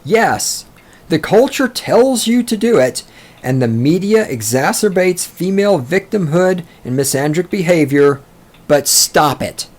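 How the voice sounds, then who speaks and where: A man's voice: high-pitched, expressive, a little slow, darkish tone. A man hosting a solo book-discussion podcast, reading passages aloud and mocking them in a sarcastic, profane rant. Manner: reads passages aloud, then mocks them. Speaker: podcast host.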